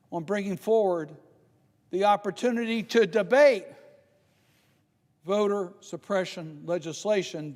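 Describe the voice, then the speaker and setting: An older man delivers a formal floor speech in a measured, emphatic way, leaning hard on key phrases. His voice sits high for a man, and long reverb from a large legislative chamber trails every line. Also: darkish tone. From Maryland, United States. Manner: measured and emphatic, slowing to stress key points. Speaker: senator.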